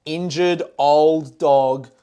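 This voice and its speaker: A man's voice: fairly high pitch, fairly even intonation, extremely slow, dark tone, clean tone. A man, a podcast guest telling stories casually and swearing freely. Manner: swearing, storytelling, mimics his girlfriend. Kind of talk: casual chat.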